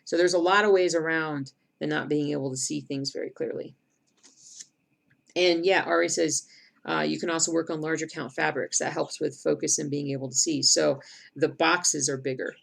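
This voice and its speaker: Very gravelly middle-aged woman streamer. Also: deep voice, fairly bright tone. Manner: chatty, rambling, answers viewer comments aloud. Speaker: cross-stitch streamer. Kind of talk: casual live-stream chat.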